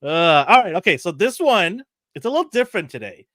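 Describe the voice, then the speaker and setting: Male podcast host, jokey and upbeat, animated delivery. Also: high voice, brisk, no room sound, studio quality. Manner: energetic and jokey, whoops and laughs. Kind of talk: casual podcast chat.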